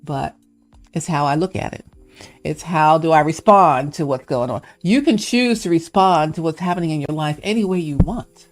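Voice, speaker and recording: A woman's voice: low voice, moderate pace, faint music behind. A woman hosting a casual livestream, musing playfully and shifting into encouragement, now and then acting out little character voices. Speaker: live stream host.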